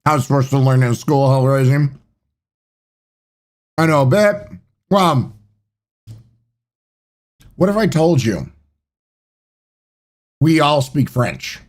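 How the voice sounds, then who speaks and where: A man's voice: mid-range voice, takes it slowly, long pauses. A man hosting a live stream, chatting casually and greeting viewers by name. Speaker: streamer and podcast host.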